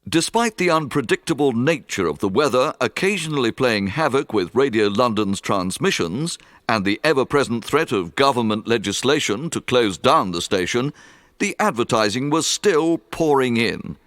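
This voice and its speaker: A man reading scripted narration for a documentary in a measured, informative way. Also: mid-range voice, animated, a bit bright, no echo.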